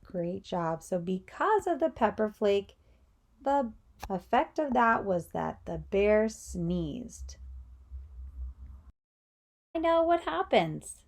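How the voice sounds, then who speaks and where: A woman's voice: mid-range voice, very animated, slow pace, creaky, pauses often, a little mellow. A woman teacher giving a reading lesson, encouraging children and asking them questions. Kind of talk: read-aloud reading lesson.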